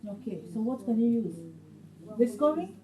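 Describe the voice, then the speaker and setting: A woman's voice: a little high, big pitch swings, moderate pace, roomy sound, far from the mic, crowd noise, low-quality recording. A woman teaching a beginner English class, patient and questioning, repeating phrases so her learners catch them.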